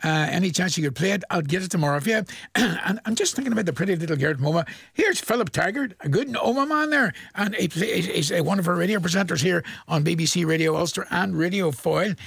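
Chatty, gravelly Northern Irish radio host. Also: male voice, high-pitched, fast, a bit bright, no room sound, studio quality. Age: older. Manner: chatty, chuckling, folksy. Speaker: radio presenter. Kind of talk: casual radio shout-outs. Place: radio studio.

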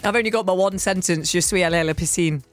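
A woman's voice: on the low side, fast. British woman on the radio, chatty, pokes fun at herself, music faint behind. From Britain. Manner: chatty, self-deprecating. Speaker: radio co-presenter and travel reader. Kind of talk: casual radio chat.

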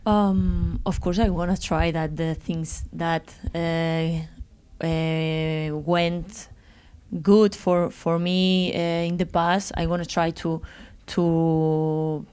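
Slow, hesitant woman footballer. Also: on the low side, steady tone, darkish tone, smooth. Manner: hesitant, searching for English words. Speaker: interviewed footballer. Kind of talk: interview answers.

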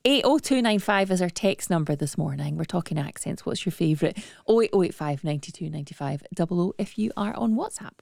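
A woman hosting breakfast radio in a dry studio. Her voice sits low and gravelly with a dark, mellow tone, and she moves briskly and chattily through links and texts. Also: animated, no room sound. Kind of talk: live radio presenting.

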